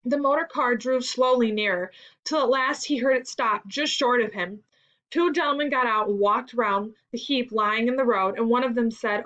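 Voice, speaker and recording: Woman reading a children's classic aloud with expressive storytelling, muffled sound. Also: a little high, normal speed. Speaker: story reader in a school reading lesson. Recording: dull lo-fi recording.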